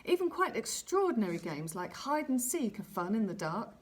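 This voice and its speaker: A woman's voice: on the high side, sing-song, moderate pace, husky. A woman voicing a cheerful, confident boy scout who teases a little, in a storybook reading. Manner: bright, bossy, teasing.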